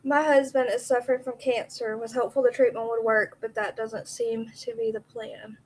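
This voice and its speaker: A woman's voice: a little high, little pitch movement, normal speed, a little mellow, low-quality recording. A woman, hosting a casual livestream, chatty and reacting aloud to viewer comments, a little out of breath. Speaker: livestream host.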